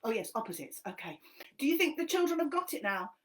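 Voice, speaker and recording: A woman telling a story to young children, speaking gently and softly. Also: sits high, very animated, quick pace.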